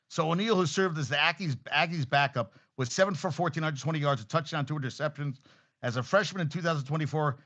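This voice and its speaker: A man hosting a solo sports podcast, ranting angrily and profanely, swinging between loud outbursts and low mutters. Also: muffled recording.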